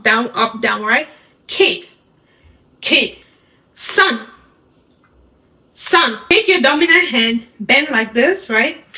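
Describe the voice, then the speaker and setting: Bright, upbeat woman teaching signs. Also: high-pitched, poor audio. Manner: upbeat, repeats each word slowly while demonstrating. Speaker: sign language teacher. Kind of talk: instructional video lesson.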